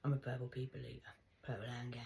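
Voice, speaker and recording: A woman's voice: rumbling low, fast, creaky, a little hiss or hum, rough recording. Blunt, swearing middle-aged Englishwoman. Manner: rambling, heavy swearing, blunt; acts out quoted dialogue in lively voices. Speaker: vlogger. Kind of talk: casual monologue storytelling.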